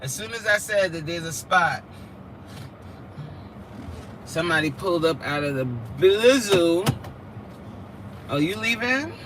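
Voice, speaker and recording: A woman's voice: lowish voice, expressive, measured pace, pauses often. A woman from New York hosting a live stream from her car, chatting casually in slangy talk and laughing often. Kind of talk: casual chat while driving. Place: inside a car in snowy weather. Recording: loud car road noise. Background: vehicle engine and road noise.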